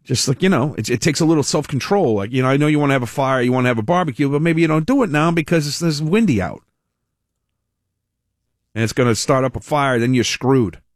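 A man's voice: mid-range voice, dry recording, studio quality. A man hosting a call-in radio talk show, blunt and opinionated.

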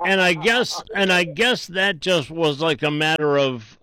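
An easygoing man hosts a call-in radio show, his voice bright and a touch high. He rambles casually, circling back and restarting his sentences. The sound is close and dry. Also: measured pace, no echo.

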